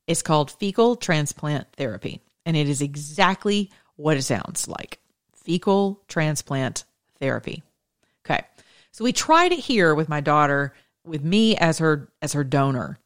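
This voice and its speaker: Woman, deep voice, casual storytelling to viewers, outspoken, swings between loud and soft. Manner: animated and emphatic, with sudden jumps in pitch and loudness; blunt and opinionated, swears and then apologizes. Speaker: mother sharing a personal story.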